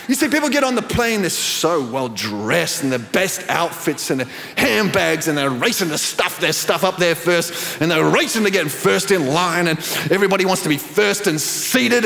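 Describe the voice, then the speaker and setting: A male pastor delivers a sermon in a large church auditorium, his high voice leaping and dipping into a sing-song cadence. His tone is creaky and fairly bright, with a bit of hiss or hum, and every phrase lingers in the hall's long reverb.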